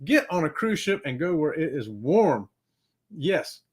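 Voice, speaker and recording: A man's voice: a little high, sing-song, a little slow, breathy edge. A middle-aged man hosts a casual livestream, reading out viewer comments in a folksy, upbeat way and chuckling often. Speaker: livestream host.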